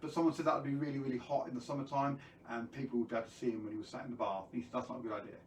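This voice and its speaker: A man's voice: medium pitch, steady tone, very fast, roomy sound, far from the mic, a little hiss or hum, poor audio. A man telling a children's story on a live stream, playful and jokey, who keeps quizzing his viewers.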